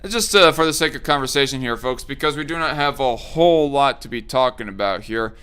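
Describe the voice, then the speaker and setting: A man's voice: mid-range voice, a little fast, fairly bright tone, clean tone. A man hosting a casual political chat, thinking aloud with many fillers and restarts. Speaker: host.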